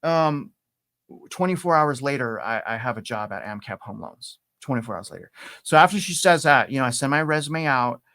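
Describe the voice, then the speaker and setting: A middle-aged man spins a casual story for a podcast, his voice sitting at an ordinary middle pitch. He repeats words as he gathers his thoughts and leaps higher when he acts out his own past lines. The sound is close and dry. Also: brisk, dry recording. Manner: animated, repeats himself, acts out quotes with rising pitch. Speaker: podcast guest.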